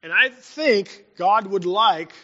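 A man preaching a sermon as pastor, telling stories and swinging between loud and hushed. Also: high-pitched, slow. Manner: storytelling preacher, rising and dropping in volume. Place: church sanctuary. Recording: dull sound in a long-reverb hall.

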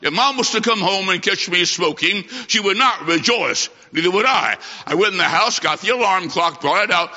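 A man's voice: high-pitched, lively intonation, normal speed, few pauses, sharp tone. A middle-aged man preaching a sermon, telling a childhood story with emphatic, repeated phrases. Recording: dull recording in a reverberant hall.

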